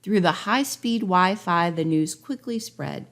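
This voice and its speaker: A woman's voice: lowish voice, lively intonation, measured pace. A woman reading a rhyming storybook parody aloud in a sing-song way. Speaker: narrator.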